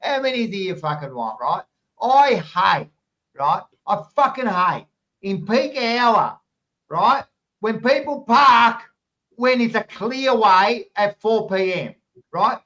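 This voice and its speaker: A high-pitched Australian man vents loudly in a casual podcast chat, swearing freely as he rants. The recording sounds dull and lo-fi. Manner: heated ranting, heavy swearing. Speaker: podcast co-host.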